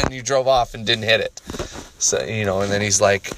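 A man's voice: medium pitch, fairly even intonation, a little fast, fairly bright tone. A young adult man from Canada rambling profanely and self-deprecatingly in a casual solo monologue.

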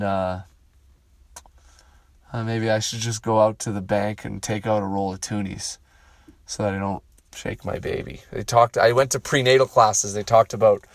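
A man's voice: mid-range voice, no room sound. A young adult man from Canada rambling profanely and self-deprecatingly in a casual solo monologue.

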